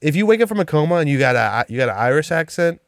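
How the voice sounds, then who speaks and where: A man's voice: on the high side, big pitch swings, racing, dry recording. A young man co-hosting a casual comedy podcast, joking around and slipping into silly voices. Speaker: podcast co-host.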